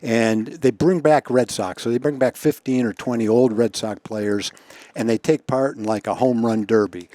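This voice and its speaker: A man's voice: mid-range voice, normal speed, warm tone, no echo. A man telling baseball anecdotes in a casual chat, chuckling often and repeating words as he goes. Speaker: guest storyteller.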